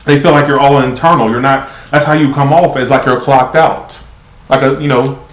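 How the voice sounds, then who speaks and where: A man's voice: medium pitch, steady tone, moderate pace. A man giving a blunt, sarcastic tarot reading live, swearing freely and talking casually to his viewers. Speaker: tarot reader. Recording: roomy, dull lo-fi sound.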